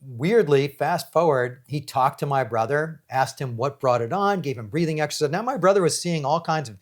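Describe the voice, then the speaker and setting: A middle-aged man gives a motivational talk as an executive coach. His voice sits a little higher than most men's, and he tells stories with animated energy. He pushes up loud, then sinks to a near hush. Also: normal speed. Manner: animated, storytelling, swings from loud to hushed.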